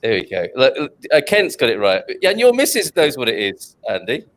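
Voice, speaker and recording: A man's voice: medium pitch, wildly swooping pitch, fairly quick, a bit bright. Guy hosting a video call hangout, jokey, voice bounces up and down a lot, reads the chat out. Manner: jokey, reads out chat comments, laughs often. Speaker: host of an online chat show. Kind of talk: casual banter on a video call.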